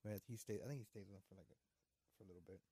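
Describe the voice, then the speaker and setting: A man's voice: lowish voice, very fast, mellow, slightly rough. A man hosting a casual movie watch-along chat, rambling, teasing and swearing.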